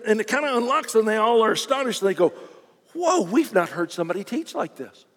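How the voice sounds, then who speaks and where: A man preaching with a high, lively voice that swoops up and down as he acts out crowd reactions. His tone is a little husky, and the sermon rings with the long reverb of a big hall. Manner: animated preaching, acting out voices of crowds and scribes. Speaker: pastor.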